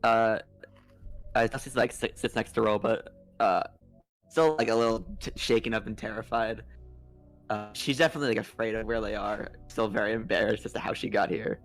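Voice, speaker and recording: A young man narrating as dungeon master, halting with many fillers and restarts. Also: fairly low pitch, steady tone, faint music behind. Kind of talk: narrating a tabletop game over a voice call.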